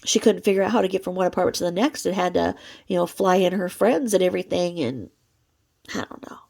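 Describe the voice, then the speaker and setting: A woman's voice: on the low side, fast talker, gravelly, a little mellow. A woman hosting her own channel, talking to camera in a chatty, rambling way and now and then dropping to a whisper. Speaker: channel host. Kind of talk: casual vlog commentary.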